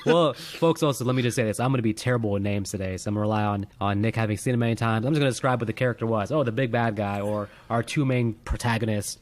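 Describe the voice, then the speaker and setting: Brief: male film-review co-host, rapid delivery, excitable, swears casually. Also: fairly low pitch. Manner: animated, exclaiming, swears freely. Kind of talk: casual movie discussion.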